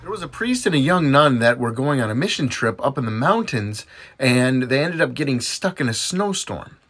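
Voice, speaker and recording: A man telling a string of jokes in an animated storytelling voice. His pitch jumps around lively, sitting at an average height. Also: normal speed, husky. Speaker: joke teller.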